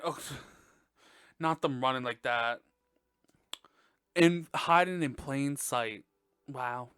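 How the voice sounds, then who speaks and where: A man's voice: a little high, smooth, no echo, studio quality. A young man hosting a podcast from his bedroom, chatting casually about a movie with lots of swearing and frequent laughter. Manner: profane, excitable, laughing often. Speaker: podcast host. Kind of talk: casual movie review chat. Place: dark bedroom at home.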